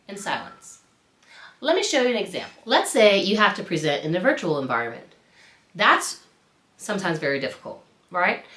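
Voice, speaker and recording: An upbeat woman instructor talks straight to the viewer, her pitch swinging widely. Her voice is bright and forward. The recording has a roomy echo. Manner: upbeat, animated, addresses viewer directly. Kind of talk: instructional presentation.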